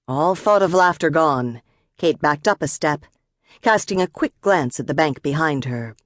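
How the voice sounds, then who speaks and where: Audiobook narrator: woman, low voice, measured and expressive, dry studio sound. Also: no echo.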